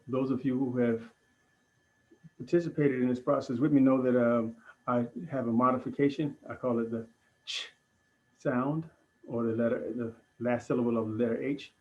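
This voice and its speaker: Male breathwork instructor, measured guiding delivery, mid-range voice, muffled stream sound. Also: mid-range voice. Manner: calm, deliberate instruction with pauses. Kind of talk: guided breathing lesson.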